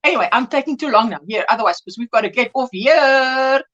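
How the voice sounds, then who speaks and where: Woman, middle-aged, high voice, bright, livestream host, casual rambling chat. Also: animated, brisk, highs cut off. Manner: chatty, reads viewer comments aloud, rambling restarts.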